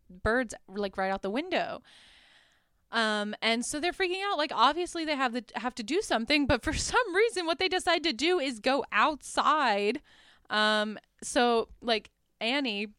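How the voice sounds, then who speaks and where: A woman's voice: mid-range voice, a bit bright, smooth, no room sound, studio quality. A young woman hosting a podcast, casually retelling a film's plot in a chatty way, full of "like" and amused asides. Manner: chatty, lots of "like", laughs at her own asides. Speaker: podcast host. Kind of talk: casual movie recap.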